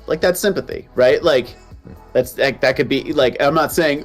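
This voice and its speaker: Laid-back stream guest, a man with a mid-pitched voice, faint music behind. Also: moderate pace. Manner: laid-back, filler-heavy, swears casually. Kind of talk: casual chat.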